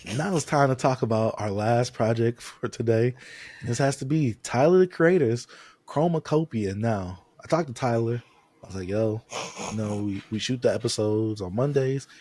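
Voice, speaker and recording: A man's voice: medium pitch, moderate pace, no room sound. A man co-hosting a podcast, chatting casually about music and acting out quotes as he tells stories. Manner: animated, acts out quotes when telling stories. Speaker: podcast co-host. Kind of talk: casual chat.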